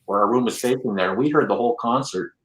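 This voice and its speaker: Excitable man in an echoey room. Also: mid-range voice, fast, slight background noise. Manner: excitable, enthusiastic. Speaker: podcast co-host. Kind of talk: casual podcast chat. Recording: roomy echo.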